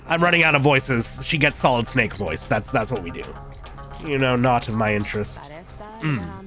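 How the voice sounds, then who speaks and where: A man's voice: mid-range voice, expressive, moderate pace, a bit bright, soft background music. A man streaming a video game, giving casual let's-play commentary, chatty and thinking aloud, laughing at himself. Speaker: gaming streamer.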